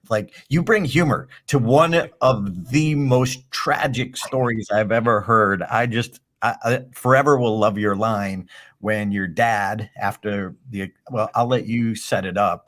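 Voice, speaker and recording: A man's voice: lowish voice, fairly bright tone. A man hosting a podcast, chatting casually with his guest in an enthusiastic, rambling way. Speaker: podcast host. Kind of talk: casual interview chat.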